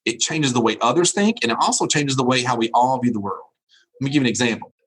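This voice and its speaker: A man's voice: mid-range voice, fast, a bit bright, husky. A man giving a motivational keynote by remote video call, preachy and emphatic, repeating his phrases. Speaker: keynote speaker.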